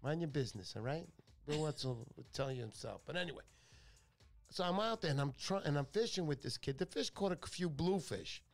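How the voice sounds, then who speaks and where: A man's voice: a little high, lively intonation, a little fast, soft background music. A man hosting a talk show, telling stories in a chatty, joking way that drifts off topic. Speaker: radio show host. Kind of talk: casual talk-show storytelling.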